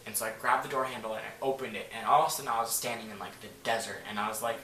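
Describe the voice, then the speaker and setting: Bright-voiced man rambling a story. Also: on the low side, fairly even intonation, racing. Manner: rambling, filler-heavy, swears freely. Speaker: vlogger telling a story. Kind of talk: casual storytelling to camera. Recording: echoey room, voice from a distance, faint noise.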